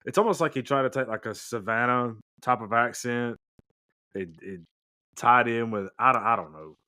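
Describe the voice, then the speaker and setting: A man's voice: mid-range voice, moderate pace, sharp tone, clear, resonant tone. A man co-hosting a casual movie podcast, often stammering and restarting as he talks. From American South. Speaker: podcast co-host.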